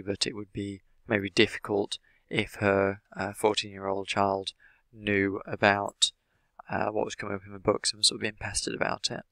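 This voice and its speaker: A man with an English accent, an English teacher explaining the language of an interview in a measured way, with many "sort of" fillers. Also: lowish voice, creaky, sharp tone, dry recording. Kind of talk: explanatory lesson analysing an interview.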